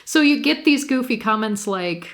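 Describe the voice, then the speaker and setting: A woman's voice: on the high side, lively intonation, moderate pace. A woman co-hosting a podcast, casually recapping reality shows, laughing often and swearing freely. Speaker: podcast co-host.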